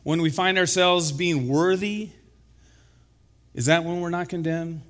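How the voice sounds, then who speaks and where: A man preaching a sermon as pastor, slightly hoarse from illness, building to emphatic exclamations. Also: high-pitched, measured pace. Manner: emphatic, rising to loud exclamations.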